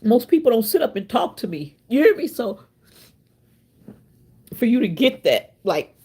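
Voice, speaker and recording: A woman's voice: on the high side, sing-song, a little slow, mellow, husky. A woman in her fifties hosting her own channel, chatting casually and straight to her viewers, laughing often as she talks. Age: 50s. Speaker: channel host.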